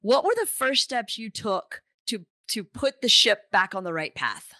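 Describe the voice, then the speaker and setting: Bright upbeat woman interviewer, dry sound. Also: medium pitch, expressive, unhurried, dry recording. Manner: upbeat, asks stacked questions. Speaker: podcast co-host. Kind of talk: casual interview questions.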